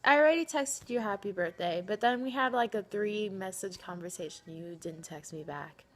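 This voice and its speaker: A woman vlogging casually to the camera, talking straight to her friends in an animated, dramatic way, pleading one moment and teasing the next. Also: mid-range voice, normal speed. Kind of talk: casual direct-to-camera vlog addressed to friends.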